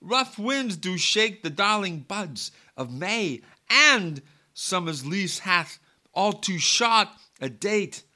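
Man doing a halting quirky actor impression. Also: high voice, sing-song, bright, forceful tone, voice pushed up, heavily acted. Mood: deadpan. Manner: halting, quirky pauses mid-line. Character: impression of a famous film actor, odd halting phrasing. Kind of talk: comedic poetry reading impression.

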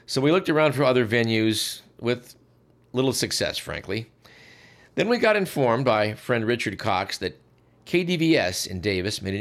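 A man's voice: fairly low pitch, fairly bright tone. A man hosting a radio show, reading scripted narration in a dry, wry and formal way.

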